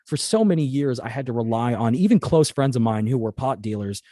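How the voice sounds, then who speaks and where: A man with a slight Boston accent hosting a casual interview, chatty and quick to joke. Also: mid-range voice, lively intonation, mellow, no echo, studio quality. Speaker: host.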